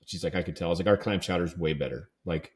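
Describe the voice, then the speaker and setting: A young man from California tells a story on a podcast in a loose, rambling way, stringing thoughts together with "like" and "dude." His voice sits a bit low, and the telling is casual and unscripted. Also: rapid-fire. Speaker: podcast co-host.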